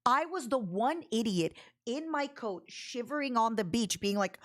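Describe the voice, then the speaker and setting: Woman, casual livestream chat, lively swooping pitch, giggly, talks to her chat. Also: a little slow. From Canada. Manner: chatty, animated, laughs often, reads chat aloud. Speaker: streamer.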